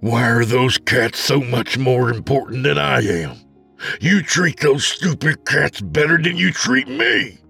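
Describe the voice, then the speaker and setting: A man voicing a bitter, angry middle-aged husband, gruff and resentful. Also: low voice, animated, slow pace, soft background music, full character voice. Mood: furious. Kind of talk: horror story narration.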